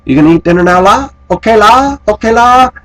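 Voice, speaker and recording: A man putting on the voice of a chatty woman friend, speaking in a high lilting singsong. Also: expressive, brisk, a bit bright, no room sound, rough recording. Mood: teasing.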